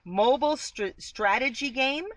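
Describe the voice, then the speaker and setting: A woman's voice: high voice, unhurried, fairly bright tone, no room sound, low-quality recording. A woman hosting a podcast, chatting casually as she reads out fan news items. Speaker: podcast host.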